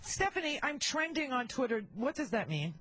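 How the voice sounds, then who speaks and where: A woman's voice: sits high, big pitch swings, a bit bright. Brash, teasing woman radio host. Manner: brash, teasing, quick to laugh. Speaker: radio talk show host. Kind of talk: casual on-air banter.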